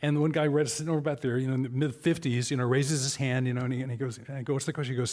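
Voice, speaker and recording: A man's voice: mid-range voice, quick pace. An older man telling anecdotes at a live event, acting out the people he quotes. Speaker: co-author and speaker. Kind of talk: storytelling at a live talk.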